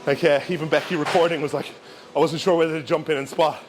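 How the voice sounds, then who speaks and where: A man giving casual, instructive commentary during his own gym workout, talking through form cues in a relaxed way. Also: on the high side, fast. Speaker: bodybuilder and coach. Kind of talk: casual training vlog commentary.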